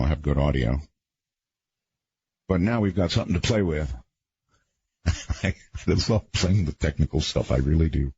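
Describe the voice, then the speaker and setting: A radio talk show host, a man with a husky voice, talking in a rambling, conversational late-night monologue with folksy asides. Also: sits low, darkish tone, dry recording, highs cut off.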